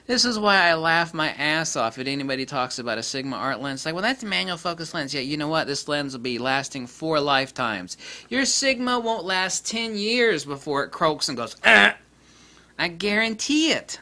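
A man with a bright, forceful, somewhat high voice rants bluntly about camera lenses. He is profane and mocking, swinging from low grumbles up to loud, high-pitched outbursts. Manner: dramatic swings in pitch and loudness. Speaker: camera lens reviewer. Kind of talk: casual opinionated rant.

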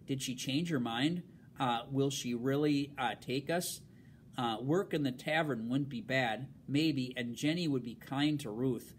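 A man reading a novel aloud in a halting way, stumbling over words and filling pauses with um and uh. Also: mid-range voice, a little hiss or hum. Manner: halting, with fillers and restarts. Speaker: reader.

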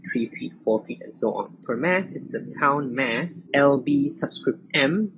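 A man giving a recorded lecture over slides, methodical, stopping to spell out unit symbols letter by letter. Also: medium pitch. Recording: muffled old recording with faint hiss.

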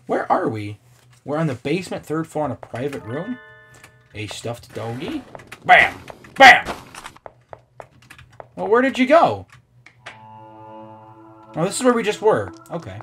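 A man talks his way through a game in a loose, rambling way, wandering off topic and cursing casually. His pitch swings up and down a lot, with faint music underneath. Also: big pitch swings, unhurried, long pauses, pushed and bright. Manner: rambling, swears casually, laughs often. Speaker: let's play gamer. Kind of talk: casual gameplay commentary.

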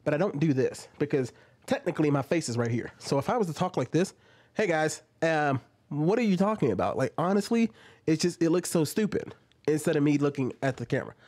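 A man's voice: a little high, quick pace. A man giving casual reaction commentary on a video, incredulous and full of rhetorical questions. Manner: animated and incredulous, rhetorical questions, mimicking asides.

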